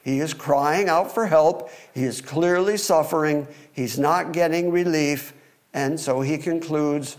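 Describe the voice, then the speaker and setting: Male Bible teacher, slightly higher pitch, earnest expository delivery, rhetorical questions, speaking into a mic. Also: takes it slowly. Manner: wry aside about holding the microphone. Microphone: microphone.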